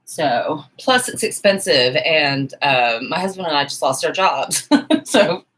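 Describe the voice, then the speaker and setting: A woman's voice: deep voice, lively intonation, slow, a bit bright, a little hiss or hum, low-quality recording. A woman in her forties, hosting a casual live stream at home, chatting with viewers and joking at herself while she sews. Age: 40s. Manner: chatty, self-mocking, talks to viewers while working. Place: home sewing room, indoors, fan running.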